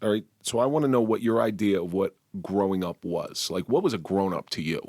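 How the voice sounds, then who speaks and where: A man's voice: sits low, brisk, darkish tone, dry recording, studio quality. A man hosting a podcast, asking a guest curious, probing questions in casual talk. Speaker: podcast host. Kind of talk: interviewing in casual chat.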